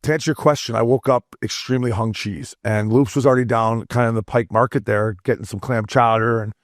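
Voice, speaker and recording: A man telling animated, profane stories as a podcast host in casual chat. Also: medium pitch, quick pace, no echo, clean studio sound.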